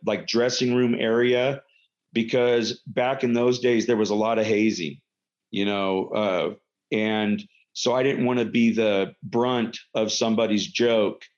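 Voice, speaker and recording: A middle-aged man and former pro wrestler telling stories casually, rambling with lots of fillers and self-corrections. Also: fairly low pitch. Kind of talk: casual anecdotal storytelling. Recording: dull lo-fi recording.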